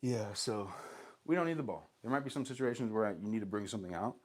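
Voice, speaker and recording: A man with a stuffy nose who runs short of breath, explaining dog training casually and talking softly to the dog. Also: lowish voice, fast talker. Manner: relaxed, talks softly to the dog between explanations.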